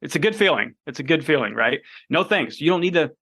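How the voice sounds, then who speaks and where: A man's voice: a little high, expressive, quick pace, pushed and bright, husky, dry recording. A man co-hosting a casual podcast chat, blunt and profane, laughing often. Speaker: podcast co-host.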